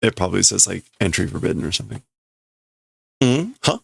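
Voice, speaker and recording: Low slow guy musing through a manga on stream, kinda gravelly. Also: steady tone. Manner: musing, thinking aloud, laughs softly. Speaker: livestream host. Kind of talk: casual livestream reading and translating a manga.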